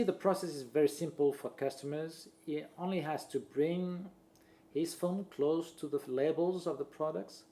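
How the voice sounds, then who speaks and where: A man, a presenter reading a marketing talk aloud in a steady voice and listing points one after another. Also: fairly high pitch. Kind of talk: read-aloud presentation voice-over.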